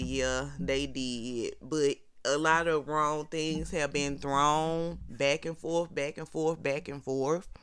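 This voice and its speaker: A speaker with a Southern Alabama twang dishes out animated, sassy commentary in easy slang. The voice is smooth and clear. It is recorded close and dry, with no room sound. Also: mid-range voice, no room sound. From Birmingham, Alabama. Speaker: reality TV recap commentator. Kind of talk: casual commentary.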